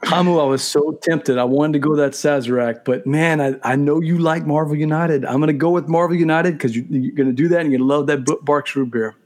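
A man hosting a casual group chat in a playful, animated way. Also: a little high, brisk, hardly any pauses.

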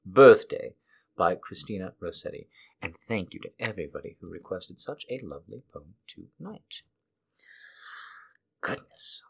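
A man reading requested lines aloud for viewers in an intimate, teasing manner, often dropping to a soft whisper. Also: low voice, expressive, moderate pace, vocal fry, slightly rough.

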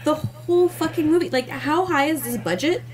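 A woman co-hosting a podcast, chatting casually about a film in a blunt, animated way and swearing freely. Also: high-pitched, moderate pace, slight background noise. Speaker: podcast co-host. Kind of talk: casual movie review chat.

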